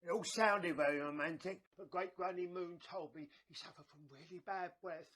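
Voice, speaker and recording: A garrulous old woman fortune teller, played by a man, talks in a high, sharp voice. She stammers, repeats herself and spins grand tales with theatrical flourish. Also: steady tone, normal speed. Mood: gossipy. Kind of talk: comedy sketch acting.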